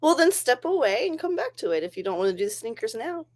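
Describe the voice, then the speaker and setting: A woman's voice: a little high, very animated, quick pace, darkish tone. Chatty woman hosting a writing stream. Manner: chatty, rambling, laughs often. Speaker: livestream host. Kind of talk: casual livestream chat.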